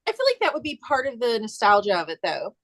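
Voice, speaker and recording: A woman with a slightly high voice asks curious follow-up questions. The sound is dry and close, with no room echo. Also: huge pitch swings, fast, a bit bright. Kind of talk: casual chat.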